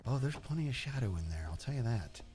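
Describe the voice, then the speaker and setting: Middle-aged man, rambling live-stream gamer chat at a mid pitch, music playing behind him. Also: sing-song, moderate pace, darkish tone. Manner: rambling and chatty, self-interrupting and repeating words. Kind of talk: casual live-stream chat while gaming. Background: background music.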